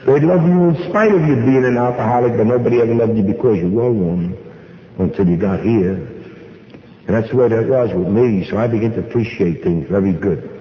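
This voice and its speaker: A man's voice: fairly low pitch, a little fast. A man giving a personal recovery testimony at a meeting, a wry, folksy storyteller who acts out dialogue. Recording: echoey hall, dull lo-fi sound.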